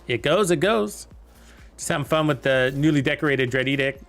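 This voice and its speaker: Chatty man with a higher voice. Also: lively intonation, normal speed, soft background music. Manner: rambling, chatty, lots of fillers. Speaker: game streamer. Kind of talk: casual gameplay commentary.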